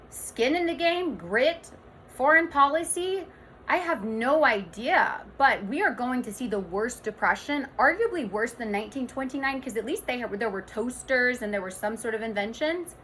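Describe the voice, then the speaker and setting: A woman's voice: a little high, a bit bright, slight background noise. A woman delivering an opinionated finance vlog rant, sarcastic and worked up, firing off rhetorical questions. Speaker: finance commentator.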